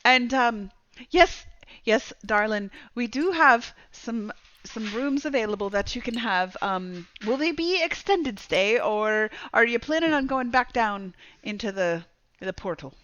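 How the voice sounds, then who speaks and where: Lady putting on a scottish innkeeper lady, sweet, calls you honey, bright voice, kinda lo-fi. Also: a little high, animated, unhurried. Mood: kindly. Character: motherly Scottish tavern woman, kind innkeeper.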